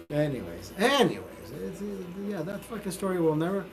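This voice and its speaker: A man hosting a live stream, telling stories in a profane, animated way with many repeated words. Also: fairly high pitch, normal speed, over music, poor audio. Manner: profane, animated storytelling with repetitions. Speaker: livestream host. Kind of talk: casual live-stream talk.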